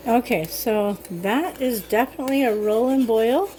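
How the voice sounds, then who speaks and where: A woman's voice: fairly high pitch, normal speed, warm tone, a little hiss or hum. A woman chatting casually in her home kitchen while cooking, thinking aloud and getting easily exasperated. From Utah. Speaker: cooking vlogger.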